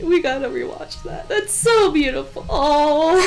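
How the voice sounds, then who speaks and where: A woman's voice: high-pitched, lively intonation, slow, creaky. A woman hosting an anime reaction video, gushing and laughing between effusive comments in casual commentary. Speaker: anime reaction channel host.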